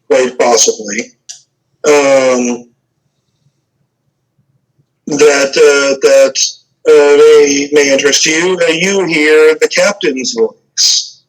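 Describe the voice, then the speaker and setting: Guy running a tabletop game, kinda high voice, lots of ums. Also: fairly bright tone, low-quality recording. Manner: halting, many fillers. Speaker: game master.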